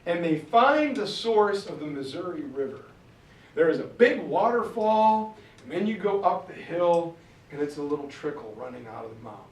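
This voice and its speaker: Casual male history storyteller, high voice, roomy hall sound. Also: expressive, far from the mic. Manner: acts out characters in quick voices, casual slang. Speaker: speaker giving a history talk. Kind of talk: animated storytelling lecture.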